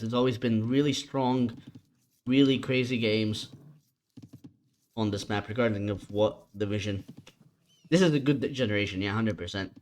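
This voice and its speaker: A tired man doing chatty solo commentary on a strategy game match, relaxed and casual. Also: medium pitch, a little hiss or hum. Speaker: esports caster.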